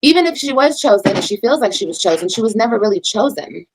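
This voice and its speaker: A woman's voice: expressive, quick pace, background noise. Heated, profane woman ranting on a livestream. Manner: heated, profane, preachy, swings between loud and low. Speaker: livestreamer and mother. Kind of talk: casual livestream rant.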